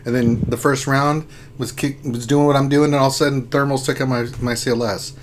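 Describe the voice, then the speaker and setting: A man's voice: medium pitch, steady tone, fairly quick, slight background noise. A man co-hosting a casual gaming livestream, teasing his co-host and laughing often.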